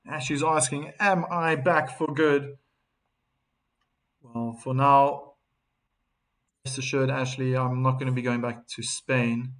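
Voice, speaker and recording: A man with a South African accent hosting a live tennis watchalong, chatting with viewers and breaking into excited calls on big points. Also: mid-range voice, slow, long pauses. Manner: chatty, reads viewer chat messages aloud between calls. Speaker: host and tennis commentator.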